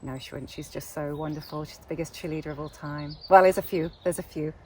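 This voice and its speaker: A woman's voice: low-pitched, fairly even intonation, fast talker, a little hiss or hum. An Irish woman co-hosting a casual chat, laughing often and trailing off into restarts. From Ireland. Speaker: podcast co-host.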